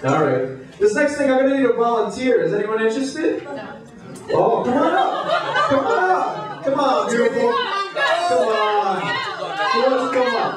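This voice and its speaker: A male stand-up comedian telling crude deadpan one-liners, with filler "uh"s, to a club audience. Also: very high voice, moderate pace. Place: hotel comedy club stage, indoors. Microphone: handheld stage mic. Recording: echoey club from far off, crowd laughing. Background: audience laughter.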